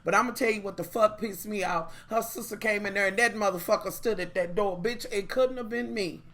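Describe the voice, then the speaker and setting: Profane, opinionated woman with a bright voice. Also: medium pitch, brisk. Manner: profane, blunt, talks straight to viewers; animated, opinionated. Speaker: TV show reviewer. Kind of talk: casual chatty review.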